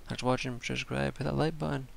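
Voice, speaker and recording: Man with a gravelly voice. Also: medium pitch, level tone, fast talker. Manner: rambling, swearing, with many restarts. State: tired from staying up all night. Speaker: wrestling show reviewer. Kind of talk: casual spoken review.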